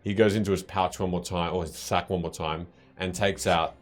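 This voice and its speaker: A man narrating as game master of a tabletop game, halting with many fillers and frequent laughs. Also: deep voice, fairly even intonation, faint music behind.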